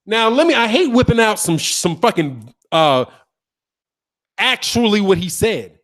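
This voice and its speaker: A man with a high-pitched voice hosts a boxing talk show, arguing a point to his viewers. He keeps repeating words and firing rhetorical questions in a loose, casual way, with some profanity and street slang. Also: very animated, measured pace, a bit bright. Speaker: boxing channel host. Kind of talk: casual commentary to a live chat.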